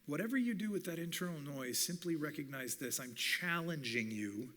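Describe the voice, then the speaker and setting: A middle-aged man gives a church teaching talk in a bright, forward voice that sits a little high for a man. He is animated, switching into quick acted-out lines of dialogue as he makes his points. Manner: animated, acts out quoted dialogue. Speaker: communications professor.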